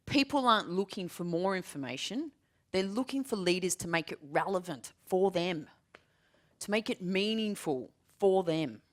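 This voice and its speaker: A woman in her forties delivering a keynote to a room full of people. Her voice sits low but swings widely in pitch as she jokes, tells stories and hammers home her points with repeated phrases. Her delivery is animated and conversational. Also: moderate pace. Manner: lively, humorous storytelling with emphatic repetition. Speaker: keynote speaker. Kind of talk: keynote presentation. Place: large room with a live audience.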